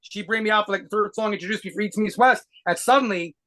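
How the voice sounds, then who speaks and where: A man telling rapid, profanity-laced stories as a guitarist being interviewed. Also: sits high, bright, forceful tone. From United States. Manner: rapid profane anecdotes with laughs. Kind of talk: fast storytelling interview.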